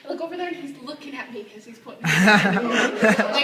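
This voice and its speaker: A young woman performing a stand-up comedy set, telling a deadpan story and acting out the people in it with a raised voice. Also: fairly high pitch, very fast, hardly any pauses, noisy background. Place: comedy club stage. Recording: roomy, distant mic with crowd laughter. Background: audience laughing.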